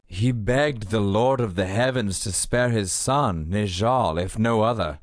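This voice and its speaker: A man narrating an audiobook in a measured storytelling manner. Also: fairly low pitch, no room sound, clean studio sound. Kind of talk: scripted narration.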